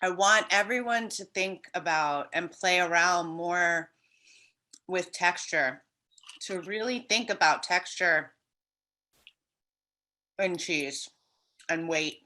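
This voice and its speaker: Slow, bright-voiced woman chatting about cheese. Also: fairly low pitch. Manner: relaxed, loose, casual wording with fillers. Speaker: cheese expert. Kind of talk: casual webinar chat.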